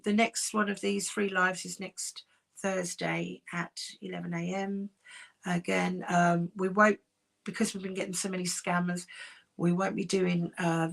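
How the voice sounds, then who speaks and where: A woman working as a psychic medium, giving live-streamed readings in a soft, reassuring, chatty way with many pauses. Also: on the low side, creaky. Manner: soft, reassuring, calls sitters "my darling".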